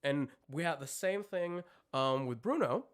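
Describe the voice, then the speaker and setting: A man coaching singers on a live stream. He talks haltingly, searches for words, and breaks off to demonstrate screams and vocal sounds. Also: a little high, lively intonation, clean tone.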